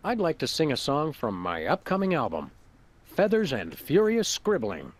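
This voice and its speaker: A man voicing a deadpan, dry-witted male dog detective in a video game. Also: fairly high pitch, normal speed.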